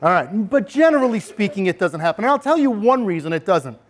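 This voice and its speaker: A man with a high, very lively voice gives a talk on bullying prevention. He slips into the first person as the bully to make his points, swooping up and down as he goes. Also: fast talker. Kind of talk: lecture with role-play.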